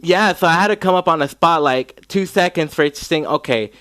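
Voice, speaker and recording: A man's voice: fairly high pitch, brisk, a bit bright, smooth, no echo. A man from North Carolina chatting casually, rambling with lots of likes and restarts. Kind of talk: casual podcast chat.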